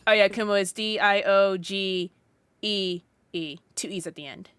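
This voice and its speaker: A woman's voice: medium pitch, a little slow, fairly bright tone, smooth, dry recording. A young woman co-hosting a casual podcast, telling a story in a rambling way, full of "like" fillers and restarts. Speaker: podcast co-host.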